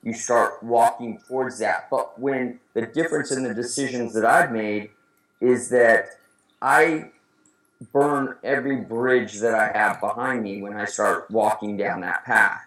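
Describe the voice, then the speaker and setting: A man's voice: mid-range voice, steady tone, fairly bright tone. Earnest man in an echoey room. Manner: earnest, halting with many restarts. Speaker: guest speaker. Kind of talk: casual interview talk. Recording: roomy echo.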